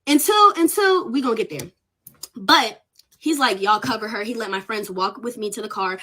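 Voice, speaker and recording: A woman's voice: on the high side, expressive, normal speed, sharp tone. A young college student tells her arrest story casually on a livestream, shaken and close to tears, swearing freely. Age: young adult. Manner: emotional, candid, swears freely, on the verge of tears.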